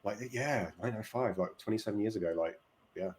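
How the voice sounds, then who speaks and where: A man's voice: fairly low pitch, brisk, darkish tone. A man hosting a casual film chat, talking in a rambling way with many fillers and restarts.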